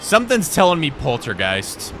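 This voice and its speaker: A man's voice: a little high, wildly swooping pitch, moderate pace, background noise. A young man live-streaming a game, joking with his chat in self-deprecating banter and explaining boss tactics step by step. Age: young adult. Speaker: gaming livestreamer. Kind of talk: casual live-stream chat while playing.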